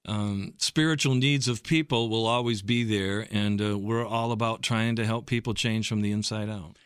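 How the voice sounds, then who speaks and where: A man's voice: lowish voice, steady tone, moderate pace, clear, resonant tone, no room sound, studio quality. A man, a pastor, answering interview questions earnestly and reflectively.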